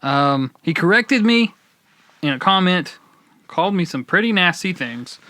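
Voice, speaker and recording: A man's voice: high-pitched, animated, unhurried, sharp tone, no room sound. A man co-hosting a casual podcast chat, joking and rambling with restarts. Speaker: podcast co-host.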